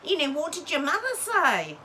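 A woman's voice: high voice, huge pitch swings, normal speed, pushed and bright, heavily acted. A woman doing a comic impression of a flamboyant older Australian woman, arch and teasing, calling everyone darling. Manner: arch, gushing, calls people darling and dear.

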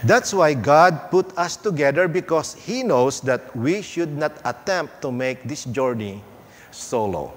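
A male pastor preaching a sermon in a church, unhurried, with playful asides and emphatic pauses. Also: fairly high pitch, animated. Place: church sanctuary.

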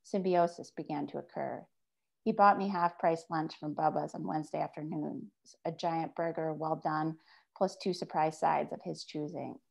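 A woman author reading her own fiction aloud in a measured first-person voice. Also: sits low, fairly even intonation, creaky.

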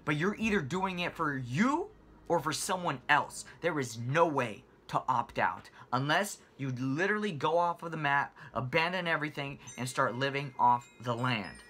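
A man's voice: on the high side, lively intonation, moderate pace, fairly bright tone. A man hosting his own channel, delivering a passionate, emphatic rant to camera and repeating phrases for stress. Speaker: finance channel host. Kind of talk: impassioned money rant to camera.

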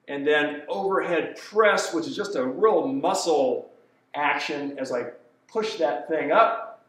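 A male fitness trainer explains kettlebell moves in slow, deliberate steps, his voice sitting a little high. The sound comes from a camera mic some distance away, and a strong room echo hangs on every word. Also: a bit bright. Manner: cueing movements step by step, slow and deliberate. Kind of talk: instructional exercise demonstration. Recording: echoey room, voice from far off.

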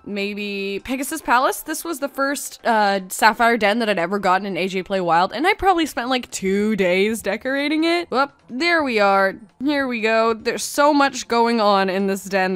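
High-voiced playful woman gamer. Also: fairly bright tone, no echo. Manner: playful, jokey and self-mocking. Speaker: gaming video host. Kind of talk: casual gameplay commentary.

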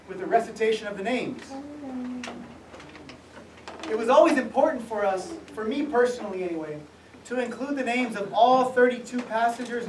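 A middle-aged man giving an author talk at a museum, speaking conversationally with gentle humor and some restarts. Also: high-pitched, a little hiss or hum. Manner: conversational, self-deprecating humor, frequent restarts. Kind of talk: public talk with slides. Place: museum event room. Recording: echoey room, mic at a distance.

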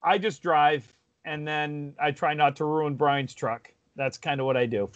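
A man's voice: on the high side, fairly even intonation, unhurried, highs cut off, over a noisy crowd. A man hosting a podcast in casual chat, self-deprecating and rambling with restarts, talking over a video call. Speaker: podcast host.

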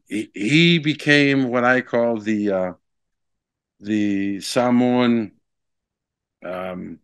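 A man from Hawaii, a guest telling stories at length, rambling and animated with many fillers. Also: mid-range voice, dry recording. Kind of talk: storytelling interview.

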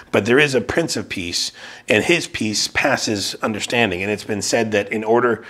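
A man's voice: on the low side, moderate pace, bright, forceful tone. A man preaching a sermon in a casual, conversational way, telling a personal story with frequent fillers and restarts. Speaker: pastor. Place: church service streamed online.

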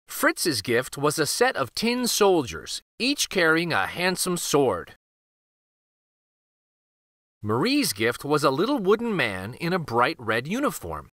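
A man hosting a children's read-aloud channel, reading a picture book in an expressive, lively storytelling way. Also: fairly high pitch, no echo, clean studio sound.

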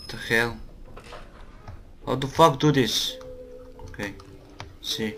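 Slow-talking man narrating a game. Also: medium pitch, a bit bright, slight background noise. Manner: jumpy, swearing, talking to his teddy. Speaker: gaming video host. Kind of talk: let's play commentary.

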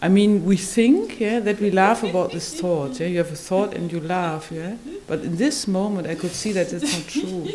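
A woman recalling a personal experience in conversation, halting and marvelling, often ending phrases with a questioning "yeah?". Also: lowish voice, crowd noise, rough recording. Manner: wondering, marvelling delivery. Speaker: community member sharing an experience.

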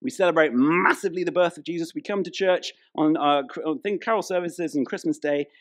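A man's voice: fairly high pitch, fairly quick. A man, preaching a humorous, chatty sermon in a church. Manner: humorous storytelling, chatty, playful with the congregation. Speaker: pastor.

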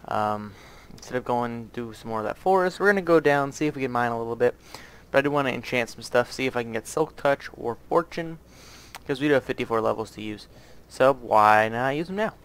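A gaming channel host with a slight Southern US twang offers laid-back gameplay commentary, musing aloud and frequently muttering. His smooth, medium-pitched voice runs a little fast.

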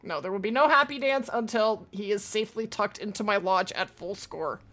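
A woman hosting a live gaming stream, chatty and excitable, talking to her chat and to the game. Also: medium pitch, moderate pace. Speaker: livestream host.

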